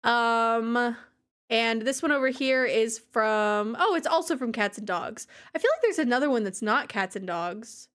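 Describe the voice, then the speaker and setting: A woman's voice: a little high, lively intonation, a little slow, fairly bright tone. A woman streaming a game, chatting casually with her viewers, giggling and cracking crude jokes. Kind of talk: casual livestream chat while playing.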